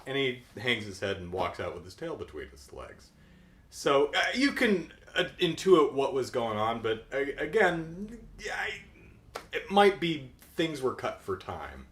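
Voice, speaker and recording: A middle-aged man with a deep voice, hosting a casual, keyed-up reaction commentary on a cartoon. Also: measured pace, reverberant. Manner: animated, keyed-up, jumps into silly voices. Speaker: podcast host.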